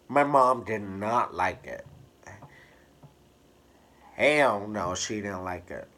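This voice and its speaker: Slow-talking man telling a personal story. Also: fairly low pitch. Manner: candid, expressive, drawn-out storytelling with fillers. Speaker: hairstylist vlogger.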